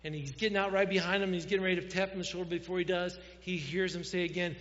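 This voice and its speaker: A man preaching to fathers, his fairly high voice carried through a long, ringing hall reverb. He shifts easily into storytelling mode, and the recording sounds dull and lo-fi. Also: steady tone, fast talker, few pauses, fairly bright tone. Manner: storytelling, addresses fathers directly. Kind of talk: sermon.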